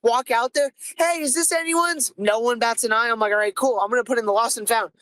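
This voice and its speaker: A young woman with a high, bright-sitting voice tells a workday story in an animated, exasperated way, swearing as she goes. The sound is dry and close, with almost no room around her. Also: brisk, no room sound, low-quality recording. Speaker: podcast host. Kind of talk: comic first-person storytelling.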